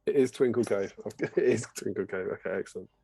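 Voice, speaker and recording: A man's voice: fairly low pitch, brisk, warm tone, slightly rough. A man co-hosting a hobby stream, chatting casually with playful, self-deprecating banter. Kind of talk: casual chat.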